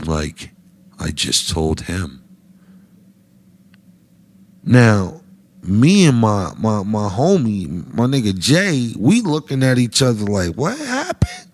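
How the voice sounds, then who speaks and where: A man telling a comic anecdote in a casual, profane, slangy way, getting animated as he goes. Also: on the low side, gravelly. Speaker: storyteller guest.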